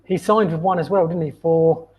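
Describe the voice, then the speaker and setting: A man who coaches fighters, co-hosting a live watch-along and calmly breaking down the action. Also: on the high side, moderate pace, breathy edge, lo-fi sound. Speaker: co-host and coach. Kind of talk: casual live fight commentary.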